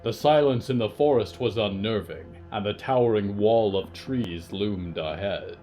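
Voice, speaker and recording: Male narrator, low voice, slow and measured, dark fiction podcast. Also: faint music behind. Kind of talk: scripted narration of horror fiction.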